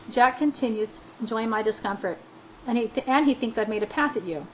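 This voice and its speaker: A woman reading a novel aloud in a halting way, stumbling over words and restarting. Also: on the high side, slight background noise, rough recording. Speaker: audiobook reader.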